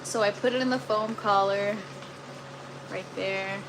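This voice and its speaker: Groaning in exasperation, a gardening streamer chats unhurriedly with her live audience from an indoor grow tent. Her voice sits in the mid-range, and a noticeable steady background noise runs throughout.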